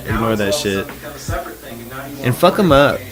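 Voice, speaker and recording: A man with a Southern US accent hosting a late-night stream, loose and profane, laughing often as he talks. His voice sits slightly low. Music runs behind him throughout. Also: animated, measured pace. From Arkansas. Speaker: streamer and talk host.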